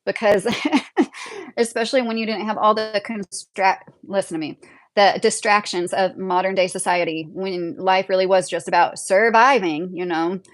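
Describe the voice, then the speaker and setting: A woman's voice: medium pitch, steady tone, normal speed, no echo. A young woman hosting a livestream, talking through her opinions in a rambling, casual way and laughing often. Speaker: livestream host.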